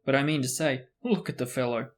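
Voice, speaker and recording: A booming, jovial ghost huntsman, all hearty cheer and mockery, voiced by a man reading a storybook aloud. He bellows his lines at full volume. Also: a little fast, lightly acted. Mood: mocking. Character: boisterous headless male ghost huntsman, hearty.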